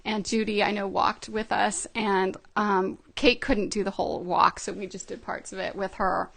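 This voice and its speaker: Gravelly, soft-spoken middle-aged woman. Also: mid-range voice, steady tone. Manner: soft-spoken, halting, with many fillers. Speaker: podcast guest. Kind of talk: emotional personal storytelling.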